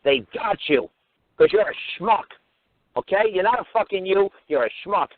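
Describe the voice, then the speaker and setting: A man's voice: sits high, expressive, normal speed, no room sound. Guy on a talk radio show swearing nonstop and mocking people, tinny phone-like audio. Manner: crude, mocking, swearing constantly. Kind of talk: profane ranting monologue.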